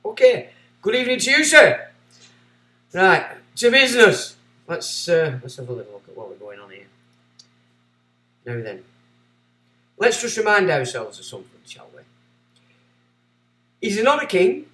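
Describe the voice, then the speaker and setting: A man's voice: high-pitched, huge pitch swings, unhurried, long pauses, far from the mic. A man hosting a livestream, ranting sarcastically and reading out chat messages. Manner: ranting, sarcastic, swinging between loud and muttered. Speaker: livestream host. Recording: echoey room.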